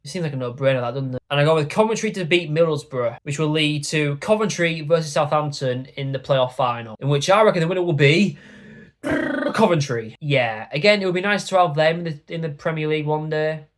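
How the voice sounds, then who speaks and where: Young man, football YouTuber, foul-mouthed and blunt, voice sits a touch high. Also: a little fast. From York, England. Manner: sweary, rambling, blunt. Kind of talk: casual football predictions rant.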